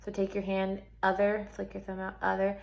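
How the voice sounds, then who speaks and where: A woman's voice: medium pitch, completely flat delivery, brisk, vocal fry. A woman teaching sign language for a script, explaining each sign in a chatty way with lots of "like" and "um". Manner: chatty, full of "like" and "um", thinks aloud. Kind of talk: casual instruction explaining signs for a script.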